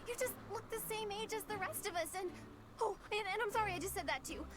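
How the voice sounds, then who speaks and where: A woman voicing a flustered, apologetic young student in a video game, talking in a rushed, embarrassed way. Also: very high-pitched, background noise.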